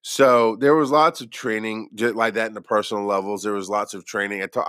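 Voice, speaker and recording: A former paramedic casually tells his own story, rambling, making fun of himself, and restarting often. His voice is lowish with a sharp tone, recorded cleanly in a studio with no room sound.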